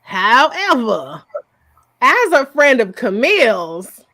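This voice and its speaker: A woman's voice: fairly high pitch, very animated, a little slow, pushed and bright, dry recording. A woman hosting a live show recap, talking in a blunt, profane, casual way and laughing often. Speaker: host.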